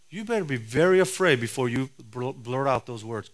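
A man preaching a sermon in a forceful, emphatic way, his voice swelling loud and then dropping low. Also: expressive, moderate pace, hardly any pauses. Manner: forceful, emphatic preaching with sharp rises and drops in loudness.

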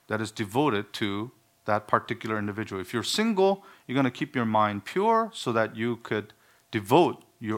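A man's voice: fairly low pitch, fairly bright tone. A male pastor preaching a sermon in an earnest, emphatic way, with some humorous asides.

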